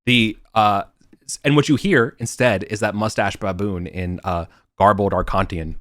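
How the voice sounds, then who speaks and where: A man narrating as game master over a voice call, halting and full of fillers. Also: on the low side, fairly even intonation, a bit bright, no room sound, studio quality. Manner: halting, many fillers and restarts. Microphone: computer mic on voice call.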